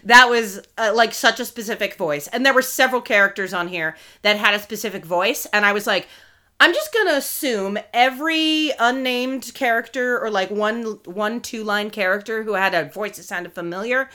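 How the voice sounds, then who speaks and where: A woman co-hosting a casual podcast, chatting animatedly and slipping into silly voices. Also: mid-range voice. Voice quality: animated, quick to slip into silly put-on voices. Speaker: podcast co-host. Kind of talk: casual chat.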